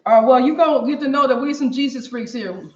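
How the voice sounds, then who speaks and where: A woman's voice: high-pitched, brisk, noisy background. A woman hosting a casual live cooking stream from her home kitchen, chatting straight to her viewers. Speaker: cooking show host. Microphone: camera on a stand for a live stream. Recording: roomy, dull kitchen sound.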